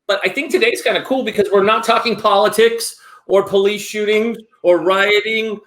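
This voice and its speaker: A middle-aged man hosting a show, joking and animated in casual banter. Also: high voice, moderate pace, a little hiss or hum. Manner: animated and joking, prone to whoops. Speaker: show host. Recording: roomy echo.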